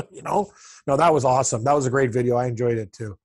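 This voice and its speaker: A man from Toronto chatting casually about hockey, blunt, excitable and quick to joke. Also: medium pitch, no room sound, clean studio sound. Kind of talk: casual sports chat.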